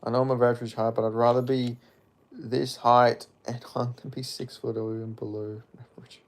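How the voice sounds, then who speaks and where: A man's voice: mid-range voice, flat delivery, a little fast. Rambling, jokey Australian man. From Perth, Western Australia. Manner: rambling, jokey, swears freely, mumbles asides. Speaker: streamer reading chat. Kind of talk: casual live-stream chat.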